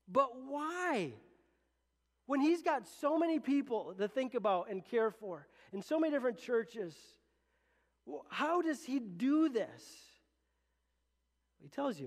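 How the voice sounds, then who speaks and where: High-voiced preacher in a reverberant church. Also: male voice, big pitch swings, a little slow. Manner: earnest, conversational preaching with frequent restarts. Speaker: pastor. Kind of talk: sermon. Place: church sanctuary. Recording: long reverb of a church hall.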